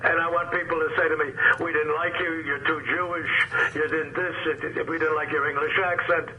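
An older man, a comedian guest in a casual interview, rambling through stories and dropping deadpan puns. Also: a little high, fairly quick, narrow, tinny audio, slight background noise.

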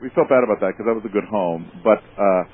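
A man's voice: lowish voice, fast talker, husky. A man with a Boston accent, a show's writer and creator, chatting as a guest with many fillers and a rambling way of talking. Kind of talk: casual interview on a phone line. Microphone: phone. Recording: tinny phone line, faint hiss.

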